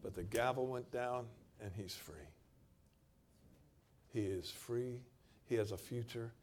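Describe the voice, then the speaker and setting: A man preaching a sermon, reading scripture aloud in a dramatic way and moving between loud stretches and quiet emphasis. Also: medium pitch, takes it slowly, slight background noise.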